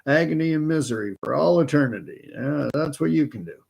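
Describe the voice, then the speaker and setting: A man's voice: on the high side, expressive, fairly quick, gravelly, darkish tone, voice pushed up. A man voicing an unfazed, very old man in his nineties who answers the devil in a dry, matter-of-fact way. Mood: unbothered.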